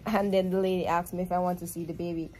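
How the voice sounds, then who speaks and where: A woman's voice: fairly low pitch, level tone, quick pace, a little mellow, slight background noise. A woman with a Jamaican accent chatting casually to camera as a vlogger, telling a story and slipping into patois. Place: hospital maternity room, in bed.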